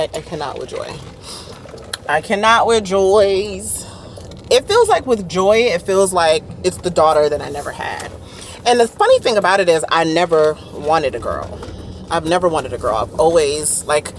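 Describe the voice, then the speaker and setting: A woman's voice: lowish voice, slight background noise. A woman, chatting casually to viewers in her vlog. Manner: chatty, addresses viewers as y'all. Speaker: vlogger.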